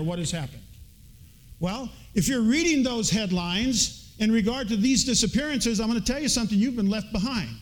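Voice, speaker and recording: A man's voice: high voice, poor audio. A man preaching a sermon, earnest and emphatic, mixing folksy storytelling with scripture. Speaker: pastor.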